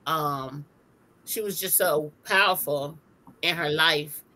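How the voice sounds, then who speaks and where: Woman chatting about a movie, bright forward voice, a bit low, lots of ums. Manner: thoughtful, pauses with ums. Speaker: movie review co-host. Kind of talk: casual chat.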